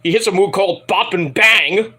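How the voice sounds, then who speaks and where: A man's voice: high voice, moderate pace, pushed and bright, slightly rough. A man reviewing a wrestling show in a casual, profane, rambling and jokey solo commentary.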